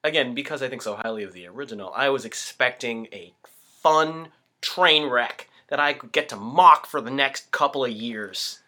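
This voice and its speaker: A man co-hosting a casual movie podcast, hoarse from a cold and coughing, with a dry teasing manner. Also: mid-range voice, moderate pace, pushed and bright. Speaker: podcast co-host. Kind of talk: casual movie review chat.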